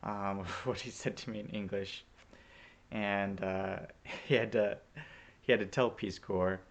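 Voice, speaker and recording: A man's voice: lowish voice, steady tone, unhurried. A man casually telling a story about his volunteer days to a vlog audience, chatty and easygoing with plenty of fillers. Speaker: returned Peace Corps volunteer.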